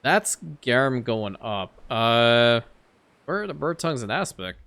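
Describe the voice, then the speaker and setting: A gameplay commentator with a bright, ringing, mid-range voice sounds very animated yet speaks a little slowly. Casually narrating his strategy game let's-play, he mutters along, talks to the game itself, and occasionally explodes into loud, exasperated rants.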